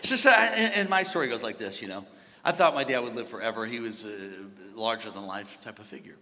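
Pastor, man, sermon delivery; bright, forceful tone, rising to shouts, church reverb. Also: on the low side, expressive, fairly quick. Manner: storytelling, builds to shouting. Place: large church hall. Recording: hall reverb from a big church.

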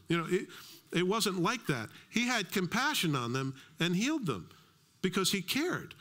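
A middle-aged male pastor giving a sermon, telling stories with lively acted-out dialogue. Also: high-pitched, normal speed. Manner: animated storytelling, acts out dialogue.

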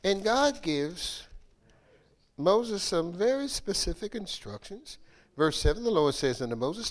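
A man's voice: high-pitched, big pitch swings, measured pace. A man preaching a sermon, talking with his congregation in a conversational way, laughing and calling for responses. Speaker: bishop, preacher.

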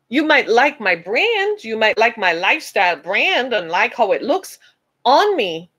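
Lady giving a fired-up motivational talk, bit higher voice, preachy punchy delivery. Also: a bit bright, rough recording. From United States. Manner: emphatic, preacher-like, calls listeners "y'all". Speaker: speaker addressing listeners.

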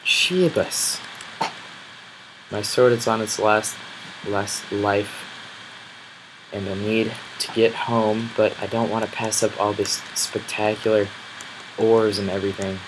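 Male let's-play commentator, slow and grumbly, loud outbursts at enemies, noisy home recording. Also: fairly low pitch, flat delivery. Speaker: gameplay commentator.

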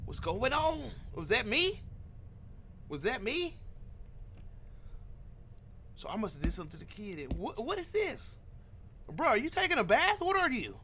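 A man playing through a horror game, reacting out loud in jumpy, slangy commentary and talking to himself. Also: very high voice, huge pitch swings, measured pace, long pauses, slight background noise. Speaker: gaming channel host.

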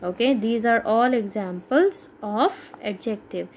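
Slow, patient Indian English woman teacher. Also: a little high, a little mellow, slight background noise, rough recording. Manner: slow, explaining step by step, asking checking questions. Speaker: school teacher. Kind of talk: grammar lesson for schoolchildren.

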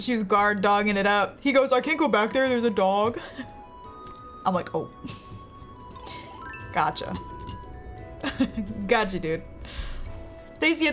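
A woman's voice: a little high, fairly bright tone. A young woman streaming a game, chatting to her viewers and giggling often as she plays. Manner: chatty, giggly, talks to chat while playing. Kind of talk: casual live-stream gameplay chat. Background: game music.

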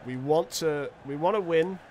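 A man, casually and excitably commentating his own football video game. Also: a little high, moderate pace, highs cut off, slight background noise. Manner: excitable, chatty, self-correcting. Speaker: gaming commentator.

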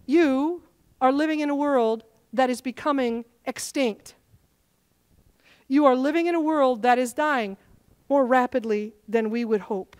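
A high-pitched woman preaches from the pulpit of a church. She tells her stories with energy and acts out the voices in them as she goes. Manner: animated storytelling, acting out dialogue. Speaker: pastor. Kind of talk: sermon. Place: church sanctuary.

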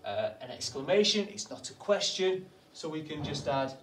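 A man's voice: fairly high pitch, expressive, normal speed, a bit bright, roomy sound, far from the mic, low-quality recording. A man teaching a primary school lesson, patiently asking the class questions and answering them himself.

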